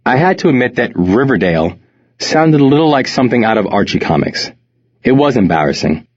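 A middle-aged man from New York narrating his memoir in a measured, reflective way. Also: mid-range voice, big pitch swings, a little mellow. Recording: slightly muffled recording.

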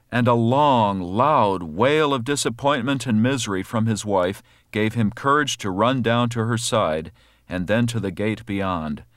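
Guy reading a spooky story out loud, lowish voice, dry close sound. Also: no room sound. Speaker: narrator. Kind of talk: reading a horror story aloud.

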